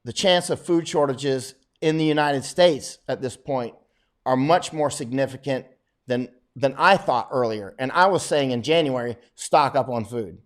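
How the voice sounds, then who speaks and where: A man's voice: mid-range voice, normal speed. A middle-aged man, a war correspondent, talking bluntly and boastfully in a casual livestream monologue, often chuckling.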